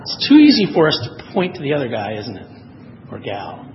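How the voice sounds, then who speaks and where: A man's voice: medium pitch, fairly quick, in a large hall, dull audio, some chatter behind, slight background noise. A man preaching a sermon, telling stories and acting out quotes with energy. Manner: animated storyteller, voices quotes. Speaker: pastor.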